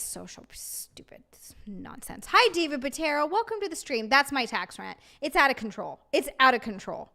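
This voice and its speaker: Bright-voiced woman streamer ranting to chat. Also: a little high. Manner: ranting, reads chat aloud and greets viewers. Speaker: live streamer. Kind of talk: casual live-stream chat.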